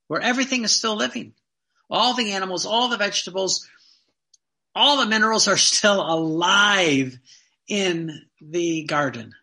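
A man's voice: on the high side, bright, forceful tone. A man giving a devotional teaching talk as a preacher, emphatic, asking rhetorical questions and repeating phrases for stress.

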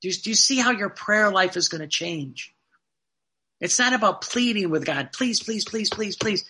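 A man delivering a fervent sermon in a high, very bright voice. He talks earnestly, repeating key phrases for emphasis and reading passages aloud. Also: lively intonation, normal speed. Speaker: preacher.

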